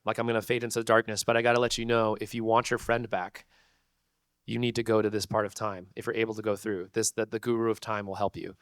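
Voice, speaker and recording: A man's voice: fairly low pitch, little pitch movement, fast, smooth, no room sound, studio quality, natural voice. A man voicing a smug, dismissive adult male villain in a casual, offhand way while retelling a video game scene. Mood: weary.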